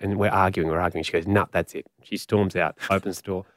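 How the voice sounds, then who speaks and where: A man in his forties with an Australian accent, telling animated anecdotes as a guest and laughing often. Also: sits low, fast, hardly any pauses, dry recording, clean studio sound. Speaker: radio and podcast host, guest. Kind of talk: casual storytelling.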